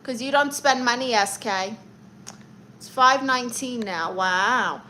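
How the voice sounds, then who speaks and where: A woman's voice: fairly high pitch, a little slow, sharp tone, slight background noise, low-quality recording. A woman from Brooklyn, hosting a live stream as a comic aunt character who reads viewers' comments in a sassy, teasing way and calls them honey and darling. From Brooklyn, New York. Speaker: livestream host playing an aunt character. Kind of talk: live-stream chat reading.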